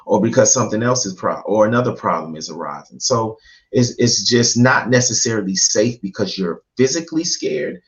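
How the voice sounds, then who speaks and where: A man's voice: on the low side, lively intonation, fairly quick. A man being interviewed as a guest, telling his personal story in an earnest, reflective way with rhythmic lists.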